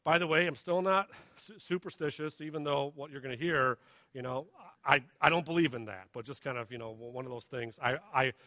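A man in his thirties preaching a sermon, telling a personal story in a halting conversational way that builds to emphatic questions. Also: mid-range voice, sharp tone, no echo. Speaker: pastor.

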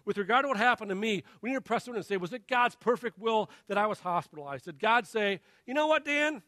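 A man in his thirties preaching a sermon, telling a personal story in a halting conversational way that builds to emphatic questions. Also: sits high, sharp tone, dry recording. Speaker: pastor.

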